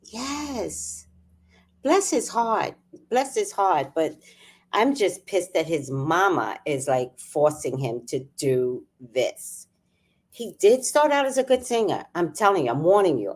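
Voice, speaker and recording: Woman, livestream host: lower voice, very lively pitch, unhurried delivery. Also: slightly rough. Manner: chatty, animated, laughs often, greets viewers. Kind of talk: casual livestream chat.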